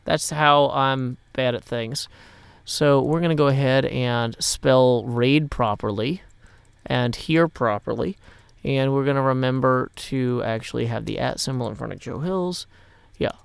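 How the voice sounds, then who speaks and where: A man's voice: medium pitch, vocal fry, clear, resonant tone, no room sound. A man from Nashville, Tennessee, hosting a casual live game stream, playful with rhyming asides, tired after a long day. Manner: playful, rhyming asides and quick number-talk.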